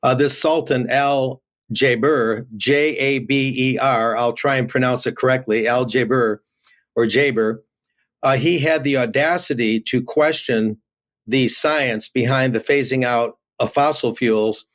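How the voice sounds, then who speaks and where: A man's voice: medium pitch, a little slow, fairly bright tone. A man giving remote news commentary, reading headlines aloud with many fillers and restarts.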